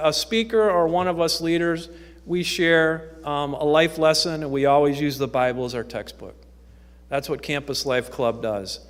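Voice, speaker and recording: A man's voice: fairly high pitch, fairly bright tone, clear, resonant tone. A man who works in youth ministry, telling stories in a chatty way with frequent ums as he speaks from the pulpit of a church. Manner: conversational storytelling with frequent ums. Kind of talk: informal testimony talk from the pulpit. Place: church sanctuary. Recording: echoey church hall.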